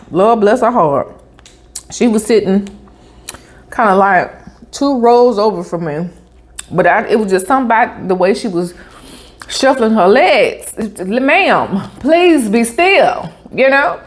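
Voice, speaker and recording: A woman vlogger, telling a story in a chatty, animated way with asides like "honey" and "baby" while she eats. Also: medium pitch. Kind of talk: casual storytelling while eating.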